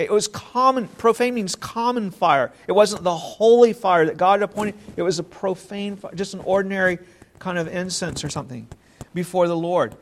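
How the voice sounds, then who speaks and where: Gravelly high-voiced man preaching. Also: a little hiss or hum. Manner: earnest, rhetorical questions, quotes scripture, repeats words while thinking. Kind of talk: sermon.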